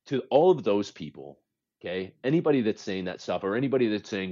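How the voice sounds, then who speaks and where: A man's voice: on the low side, big pitch swings, fast talker, mellow, muffled recording. A man co-hosting a podcast, talking casually but with impassioned, pleading emphasis. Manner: impassioned, pleading, repeats himself. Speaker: podcast co-host. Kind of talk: casual chat.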